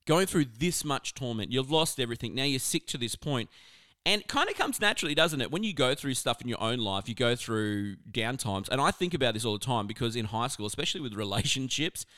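A man giving a casual, conversational sermon on scripture, animated and full of asides. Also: mid-range voice, brisk, no echo, clean studio sound. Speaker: preacher.

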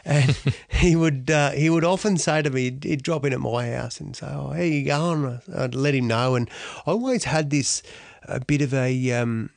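Middle-aged Australian athlete, blunt and salty, telling stories in a dry, close recording. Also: male voice, mid-range voice, steady tone, moderate pace, vocal fry, dry recording. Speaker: interviewee, athlete. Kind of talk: storytelling interview answer.

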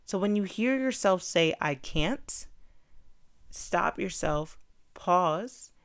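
Young female podcast host, earnest and encouraging, repeats key points, low and smooth. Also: animated, slow pace, dry recording, studio quality. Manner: earnest and conversational. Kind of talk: self-help talk.

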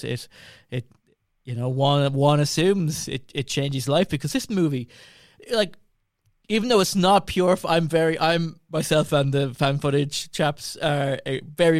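A man's voice: fairly high pitch, dry recording, studio quality. A man in a casual film discussion, rambling with many restarts and a playful tone.

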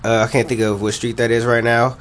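A man's voice: medium pitch, flat delivery, brisk, fairly bright tone, a little hiss or hum. Chill guy on a podcast rambling thru a story, cussing a lot, regular mid voice. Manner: laid-back, profane, rambling anecdotes. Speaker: podcast co-host. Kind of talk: casual storytelling chat.

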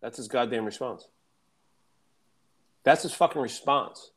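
A man who works as a coach, telling a story in casual chat, animated, swearing, and acting out the people he quotes. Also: medium pitch, measured pace, husky.

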